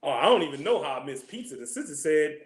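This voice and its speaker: A man's voice: a little high, sing-song, fast talker. A man teaching a casual scripture class, joking in loose streetwise slang and constantly checking in with his listeners. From California. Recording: echoey room.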